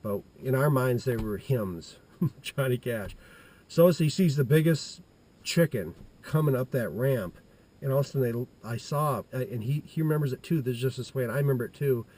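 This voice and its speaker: A middle-aged man telling a childhood anecdote in a halting, rambling way, full of restarts and fillers. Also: mid-range voice, lively intonation, a little mellow. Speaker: storyteller.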